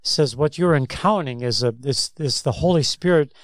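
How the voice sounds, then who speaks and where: A man's voice: a little high, normal speed, dry recording, clean studio sound. A man co-hosting a Christian talk show, telling stories in a rambling way that restarts and repeats words. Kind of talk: casual faith discussion, storytelling.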